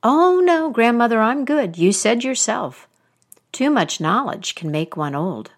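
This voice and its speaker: Polite young girl, timid and careful, slow voice, put on by a woman storyteller. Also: fairly high pitch, sing-song, pitched above the performer's own voice, full character voice. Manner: polite and hesitant.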